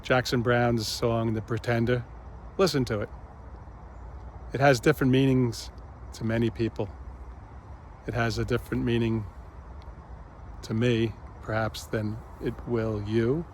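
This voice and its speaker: A man hosting his own reflective spiritual vlog, speaking gently and pausing often. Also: mid-range voice, level tone, slight background noise. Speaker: channel host.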